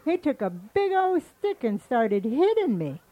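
Cranky sleepy alligator, woman doing the voice, grumbles about being bothered, raised loud voice. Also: sits high, big pitch swings, unhurried, dry recording, highs cut off, voice pushed up. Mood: complaining. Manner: complaining, aggrieved. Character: grumpy sleepy male alligator.

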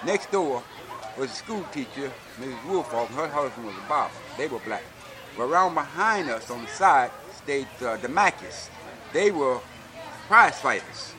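With a crowd in the background, an older Alabama man being interviewed shares his boyhood recollections in a folksy way, often asking "see?" His voice is medium in pitch, with lively intonation at a normal speed.

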